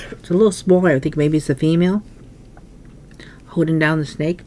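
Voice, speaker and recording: A woman giving a casual tarot reading, musing aloud as she turns cards, often coughing and clearing her throat. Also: deep voice, fairly even intonation, normal speed, darkish tone, a little hiss or hum. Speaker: tarot reader.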